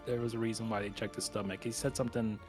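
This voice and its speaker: A man co-hosting a horror podcast, chatting casually and haltingly about an episode. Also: on the low side, level tone, darkish tone, soft background music. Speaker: podcast co-host. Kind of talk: casual chat.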